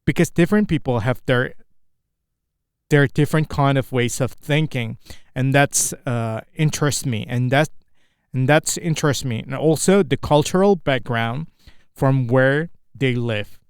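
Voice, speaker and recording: A young Indonesian man with an Indonesian accent, practicing spoken English alone in a vlog. He talks in a halting way, stopping and restarting often as he searches for words. His voice is smooth and resonant, and it is recorded close and dry, with no room sound. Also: mid-range voice, dry recording. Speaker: English learner. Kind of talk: solo speaking practice.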